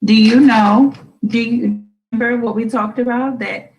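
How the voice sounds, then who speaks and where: With a fairly high, steady voice at a moderate pace, a woman hosting a radio show gently plays with her young daughter, teasing her through questions. The audio quality is poor.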